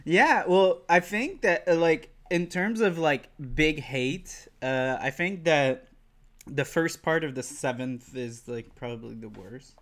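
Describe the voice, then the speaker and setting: Slow-talking man hosting a podcast. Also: on the high side, fairly bright tone. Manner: halting, filler-heavy speech. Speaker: podcast host. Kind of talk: casual chat.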